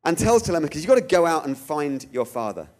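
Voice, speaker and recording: Animated man telling a story. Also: fairly high pitch, fast talker. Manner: animated storytelling, acts out quoted voices. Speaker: guest speaker. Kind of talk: theological talk.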